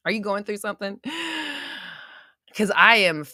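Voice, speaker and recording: A woman's voice: medium pitch, pushed and bright, dry recording, clean studio sound. A young adult woman hosting a live coaching stream, chatting casually, swearing freely and reading viewer comments aloud.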